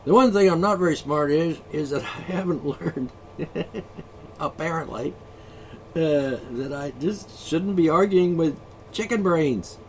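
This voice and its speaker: A man's voice: on the high side, measured pace, slight background noise. A man vlogging an angry solo rant, profane, sarcastic and mocking.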